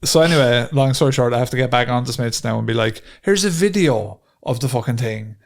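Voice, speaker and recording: A man's voice: mid-range voice, brisk, gravelly. An Irish man co-hosting a podcast, telling a profane, ranting story in casual chat. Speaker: podcast co-host.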